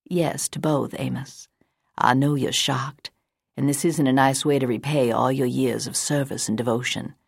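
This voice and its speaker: A woman voicing a wealthy, sharp-minded woman in her eighties who speaks firmly and crisply. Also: a bass voice, steady tone, moderate pace, dry recording, clean studio sound, full character voice. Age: 80s. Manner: firm, crisp, unbending.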